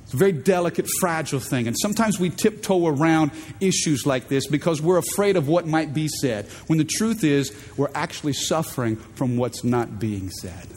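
A man's voice: a little high, expressive, moderate pace, hardly any pauses, darkish tone, husky, big-room sound. A man preaching a sermon as pastor, emphatic, prompting the congregation to repeat words back. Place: large church auditorium.

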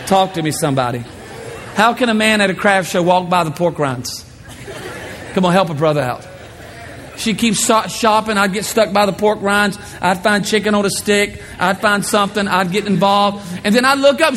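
A man preaching a sermon, telling playful stories and acting out shouted voices. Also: high-pitched, in a large hall, slight background noise. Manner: animated, playful storytelling with shouted impressions. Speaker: pastor.

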